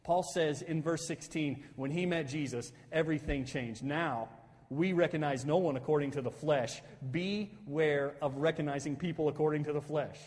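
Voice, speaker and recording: A man preaching a sermon as pastor, building to excited, emphatic bursts and tagging points with "right?". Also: fairly high pitch, moderate pace, long reverb tail. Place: church sanctuary.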